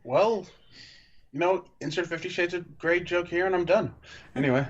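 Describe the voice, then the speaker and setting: A man reading a book aloud with friends, joking and swooping into high, goofy voices. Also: normal speed, slightly rough. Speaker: reader. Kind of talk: casual group reading with silly voices. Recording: dull lo-fi sound with faint noise.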